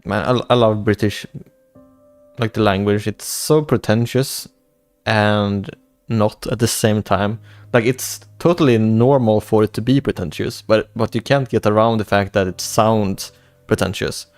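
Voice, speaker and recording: A young man rambles through a casual livestream, reading viewers' comments aloud and musing on them. His voice sits low, and he stumbles over his words and restarts often. Quiet music plays faintly behind him. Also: steady tone, measured pace, dry recording. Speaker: livestream host. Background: faint background music.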